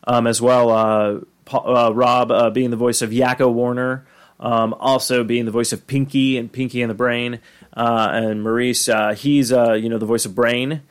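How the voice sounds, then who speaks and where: Rambling podcast host, medium voice. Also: male voice, mid-range voice, little pitch movement, normal speed, clear, resonant tone. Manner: rambling, many fillers and restarts. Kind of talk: casual episode recap.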